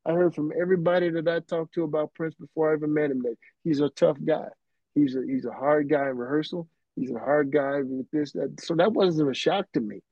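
Animated man telling stories over a dull, dry call line. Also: fairly high pitch, a little fast, no room sound. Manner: animated, drops "man" and "you know" often. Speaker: guest musician, keyboardist. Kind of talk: casual storytelling interview. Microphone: earbuds on a remote call.

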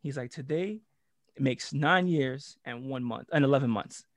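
A man co-hosting a casual chat, telling a story in an animated, profane way and laughing often. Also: medium pitch, normal speed, dry recording. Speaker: podcast co-host.

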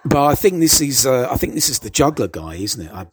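A man's voice: medium pitch, sing-song, a little fast. A man giving casual, hesitant commentary over an old TV show, stammering and adding chuckling asides.

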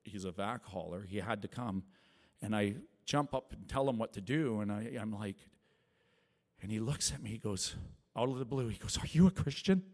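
Earnest gravelly man preaching in a church hall. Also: normal speed. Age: 40s. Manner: rambling, earnest, with many restarts and acted quotes that rise high. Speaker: lay preacher sharing testimony. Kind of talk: testimony sermon to a congregation. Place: small church.

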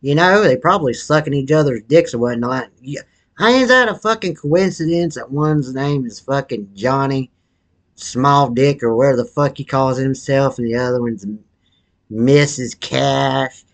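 A man's voice: medium pitch, a little slow, close to an everyday voice. A man voicing a crude, foul-mouthed, obese wannabe rapper in a comedy sketch monologue, rambling in a profane, slangy drawl while smoking a cigarette.

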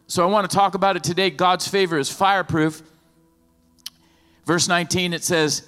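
A man preaching a sermon as pastor in an animated, lively way, often acting out the voices of the people in his stories. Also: high-pitched, fairly quick. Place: church sanctuary. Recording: long hall reverb with faint music.

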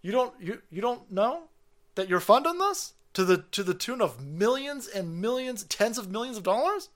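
A man's voice: sits high, sing-song, normal speed, fairly bright tone. A man hosting a stream, ranting in angry, swearing, mocking commentary on a played clip. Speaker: stream host.

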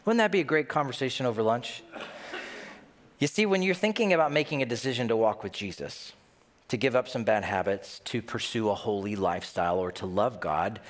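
A man preaching a sermon as pastor, animated, swinging between loud emphatic bursts and hushed low asides. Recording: long reverb of a large hall.

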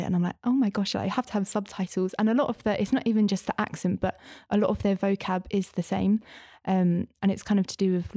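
Chatty young woman, mellow and dry. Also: mid-range voice, dry recording. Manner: chatty, rambling with many fillers and "like". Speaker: interview guest, former language student. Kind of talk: casual conversation.

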